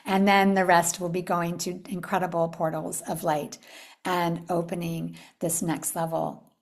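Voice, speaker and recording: A middle-aged woman from the United States hosting a live spiritual retreat talk, telling a story with upbeat invitations and soft, hushed stretches. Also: on the low side, flat delivery, measured pace. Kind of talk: live online talk to a group.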